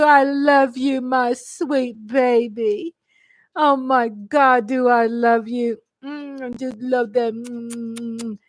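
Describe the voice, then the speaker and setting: Chatty high-voiced grandmother. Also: extremely slow, no room sound. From Texas. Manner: chatty and effusive, swings into excited squeals. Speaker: livestream host. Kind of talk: casual live-stream chat.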